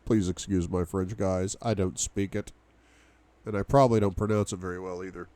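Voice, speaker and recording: A man's voice: low voice, fairly even intonation, normal speed, mellow, no echo. A young man reading a novel aloud for a book club, with asides to his viewers. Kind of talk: audiobook-style reading.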